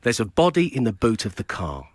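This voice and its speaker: A man's voice: medium pitch, very animated, fairly quick, heavy background noise. A man hosting a TV segment, putting leading questions to a guest. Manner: leading, quiz-style questions. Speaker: TV host asking quiz questions.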